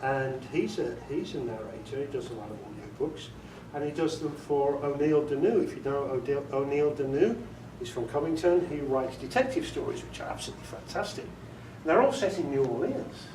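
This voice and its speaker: This British man talks at normal speed with hardly any pauses, his mid-range voice darkish in tone. As an audiobook director, he gives an informal workshop talk in a meeting room, chatting, joking, and quizzing a small audience. Echo, mic distance, and faint noise mark the recording.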